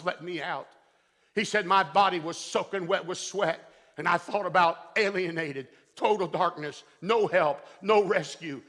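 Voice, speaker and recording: A male preacher, his tone bright and forceful, tells his story with growing drama and rises again and again to loud peaks. His voice sits a bit high, and long church reverb trails behind every line. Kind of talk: sermon. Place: church sanctuary. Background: long hall reverb.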